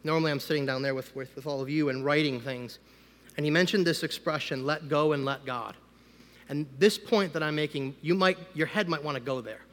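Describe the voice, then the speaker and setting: A man, a pastor, giving a conversational sermon that rises into loud, emphatic preaching. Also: on the high side, brisk. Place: church sanctuary. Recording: long hall reverb.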